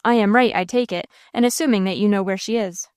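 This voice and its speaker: A woman's voice: mid-range voice, fast talker, smooth, no echo, studio quality, lightly acted. A woman reading as Curtis Waring, a cold sneering villain. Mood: cold, probing. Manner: cool, stern, sneering. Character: cold scheming male villain, a young gentleman.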